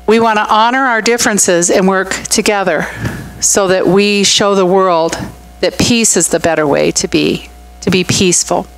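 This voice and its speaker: A woman's voice: mid-range voice, clean tone, poor audio. Chatty woman preaching a sermon. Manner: chatty, storytelling, asks the room questions. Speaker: pastor. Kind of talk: conversational sermon with congregation banter.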